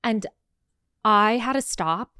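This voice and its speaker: Woman, podcast co-host, casual chat, smooth clear voice, emphatic, dry recording. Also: on the high side, slow pace, no room sound. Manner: expressive, emphatic reactions, acted quotes.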